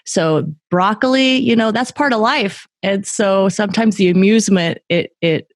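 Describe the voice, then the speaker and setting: A middle-aged woman speaking as a guest author in a podcast interview, telling lively stories and acting out the voices she quotes. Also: medium pitch, normal speed, dry recording, clean studio sound. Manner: lively storyteller who acts out quoted voices.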